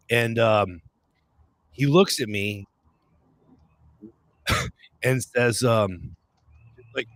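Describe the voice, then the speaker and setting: A man's voice: medium pitch, fairly bright tone, dry recording. Middle-aged man telling stories, dry sound. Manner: laughs easily, storytelling. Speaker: podcast co-host. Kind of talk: casual chat.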